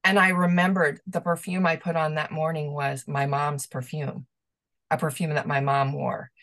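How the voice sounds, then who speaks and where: A woman's voice: sits low, little pitch movement, moderate pace, a bit bright. A middle-aged woman, a medium as guest, telling personal stories in a rambling, emotional way with many restarts. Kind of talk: conversational storytelling.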